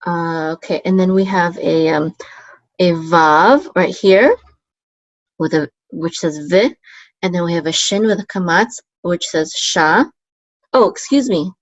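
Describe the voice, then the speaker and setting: A woman teaching a Hebrew lesson, explaining patiently with many fillers and chanting words slowly. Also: fairly low pitch, no room sound. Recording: dull, lo-fi sound.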